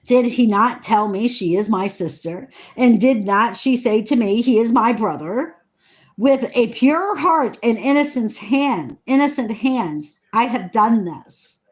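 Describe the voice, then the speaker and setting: A woman slowly reading scripture aloud, earnest, stumbling over hard names and adding eager comments of her own. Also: fairly high pitch. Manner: excited asides about the text. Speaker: Bible reader.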